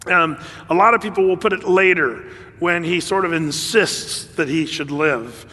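A man preaching a sermon in a conversational, animated way, with laughs and fillers. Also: fairly high pitch, moderate pace, big-room sound. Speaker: pastor.

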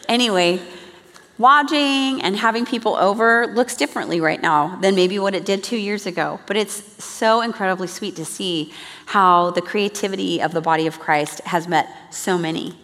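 A woman's voice: medium pitch, moderate pace, fairly bright tone. A woman giving an earnest, chatty church teaching talk to a congregation. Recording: long reverb of a large hall.

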